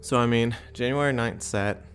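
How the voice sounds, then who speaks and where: A man's voice: medium pitch, normal speed, echoey room, soft background music. A man doing stand-up comedy and recapping his set, profane, rambling and self-deprecating. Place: comedy club stage.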